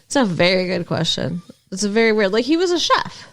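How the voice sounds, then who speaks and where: A woman co-hosting a podcast, recapping a TV episode in casual chat and reacting with quick agreement and laughs. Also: mid-range voice, very animated. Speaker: podcast co-host.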